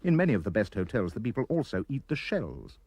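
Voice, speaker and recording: A man reading a rhyming children's poem aloud with expressive, sing-song delivery. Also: on the low side, fast, slight background noise. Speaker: reader.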